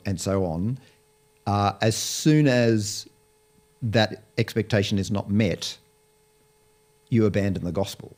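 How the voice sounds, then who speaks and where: A man's voice: on the low side, takes it slowly, pauses often, darkish tone. A man speaking as an interview guest, explaining his views in a thoughtful way with frequent restarts. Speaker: Bible college lecturer, guest. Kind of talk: conversational interview.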